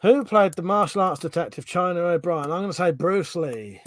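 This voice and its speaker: A man's voice: sits high, lively intonation, moderate pace. A man with a Home Counties English accent hosting a casual live stream, reading out chat questions, thinking aloud and swearing freely.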